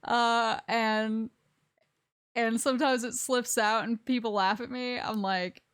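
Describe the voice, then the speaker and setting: A woman's voice: on the high side, steady tone, takes it slowly, fairly bright tone, clean tone, dry recording, studio quality. A young woman from Alabama with a Southern accent, chatting casually on a game stream, rambling and laughing often. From Alabama, USA. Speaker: streamer host.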